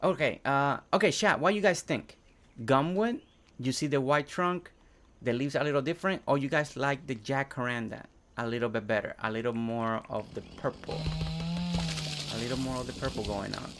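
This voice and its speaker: Here a young man whose first language is Spanish streams a game casually, voicing chat messages and his own thoughts as he builds. His mid-range voice moves at normal speed over background noise.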